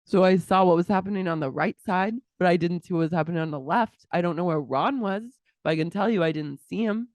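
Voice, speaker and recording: A woman's voice: on the low side, fast talker, few pauses, no room sound. A woman co-hosting a podcast, recapping a reality show in casual chat and acting out the cast's quotes. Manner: animated storytelling, acting out quotes. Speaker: podcast co-host.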